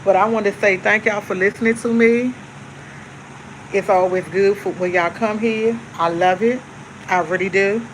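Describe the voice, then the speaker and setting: A woman's voice: mid-range voice, fairly even intonation, normal speed, slight background noise, rough recording. A woman hosting a casual live stream, chatting easygoingly to her viewers and repeating herself. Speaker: livestream host. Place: at home with coffee.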